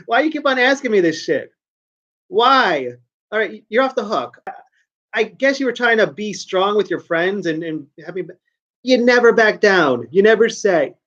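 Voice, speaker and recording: A man's voice: high voice, lively intonation, measured pace, long pauses, fairly bright tone, highs cut off. A man hosting a show, giving a brash, blunt ranting commentary full of swearing. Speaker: show host.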